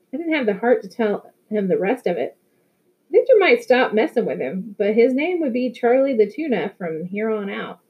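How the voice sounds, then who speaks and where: A woman reading a novel aloud in a steady, plain storytelling manner. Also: mid-range voice, dull audio. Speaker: audiobook reader.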